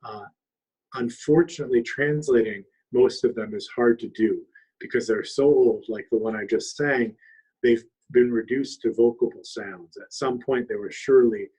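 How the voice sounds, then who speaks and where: Guy explaining songs and words, soft and husky, lots of little uh pauses. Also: medium pitch, poor audio. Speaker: singer and language teacher. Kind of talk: relaxed spoken explanation. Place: longhouse.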